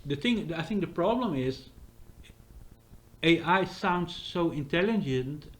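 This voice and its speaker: A man's voice: fairly high pitch, lively intonation, takes it slowly. A man talking in a casual, rambling monologue, full of fillers and restarts.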